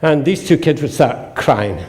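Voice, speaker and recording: A man's voice: mid-range voice, expressive, unhurried, darkish tone. A man, giving a humorous seminar talk to a live audience as the presenter. He tells jokey stories and acts out the dialogue in them.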